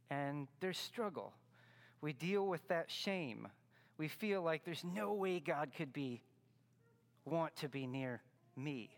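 A man's voice: fairly high pitch, big-room sound. A man preaching a Christmas sermon, earnest and teaching, pressing hard on key words. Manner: earnest, teaching, rising to emphatic stresses. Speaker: pastor.

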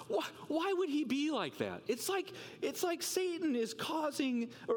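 A man preaches a sermon in a lively voice that climbs and drops, asking rhetorical questions and doubling back on his words. His voice sits a little high for a man. A long reverb trails behind him, as in a large hall. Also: slight background noise.

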